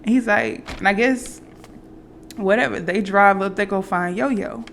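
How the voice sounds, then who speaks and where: Woman with a gravelly, rambling recap voice. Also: medium pitch, unhurried, a little hiss or hum. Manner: rambling retelling with fillers and restarts; acts out quoted characters. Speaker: movie reaction vlogger. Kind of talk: casual movie recap.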